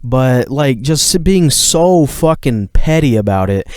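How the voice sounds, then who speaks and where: A man's voice: mid-range voice, animated, slow, a little mellow, no room sound, clean studio sound. A young man co-hosting a podcast, retelling a story in casual chat, heated and profane, full of fillers. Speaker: podcast co-host.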